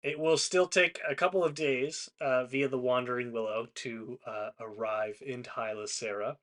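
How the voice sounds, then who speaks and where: A man narrating and hosting a tabletop game stream as game master, relaxed and full of fillers. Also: mid-range voice, moderate pace. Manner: relaxed, hesitant with many fillers.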